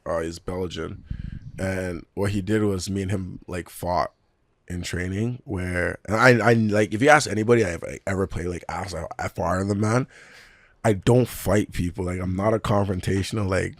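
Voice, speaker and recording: A young man with a very low voice recounts stories in a loose, laughing way, full of street slang. The sound is dry and close, with no room around it. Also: normal speed, dry recording. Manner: animated, laughing, slang-heavy storyteller. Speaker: professional footballer guest. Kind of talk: casual storytelling interview.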